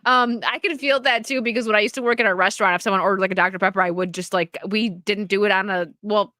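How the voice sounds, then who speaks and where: A woman's voice: mid-range voice, fairly even intonation, quick pace, bright, forceful tone, dry recording, studio quality. A young woman from New York State hosting a casual stream chat, chatty and teasing, laughing often. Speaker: stream host.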